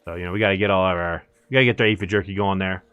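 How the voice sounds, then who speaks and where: A man's voice: low-pitched, steady tone, very fast, a bit bright, smooth, no room sound, muffled recording. A young man casually chatting to his live-stream viewers while he plays, rambling and counting under his breath. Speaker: game streamer.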